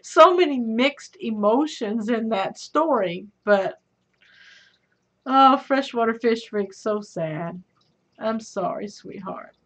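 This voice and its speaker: A woman's voice: a little high, expressive, slow, slightly rough. A middle-aged woman hosting a livestream, chatting with viewers and reading their comments, calling them sweetheart and honey. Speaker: livestream host. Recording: dull lo-fi stream audio.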